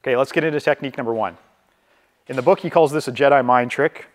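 A Canadian man leads a casual real estate training over a video call. He speaks at an everyday mid pitch, drops "right?" after nearly every point, and drags his pace down deliberately when he stresses staying calm. His voice carries a long, ringing hall reverb. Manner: conversational, keeps checking in with "right?"; slows down deliberately to model calm. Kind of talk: live training talk.

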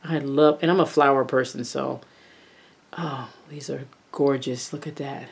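A woman narrating a casual unboxing, gushing and exclaiming over each item and often dropping into soft murmurs. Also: a bass voice, fairly even intonation, measured pace, vocal fry, husky. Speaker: craft vlogger unboxing a haul.

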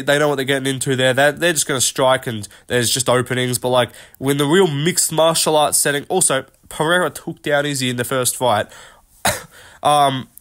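A man's voice: on the high side, a bit bright. A young man hosting an unscripted fight-prediction vlog, rambling through his picks with lots of fillers and casual swearing. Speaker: MMA predictions host.

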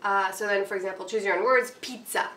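A woman piano teacher talking through a worksheet in a casual, chatty way, full of fillers and quick checks with her listeners. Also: mid-range voice, steady tone, fairly bright tone. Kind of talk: casual instructional walkthrough. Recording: roomy, distant mic with faint ambience.

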